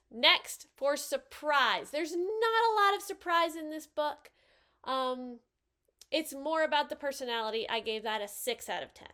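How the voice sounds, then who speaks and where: A woman hosting a casual picture book review, cheerful and gently enthusiastic as she hands out scores. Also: fairly high pitch.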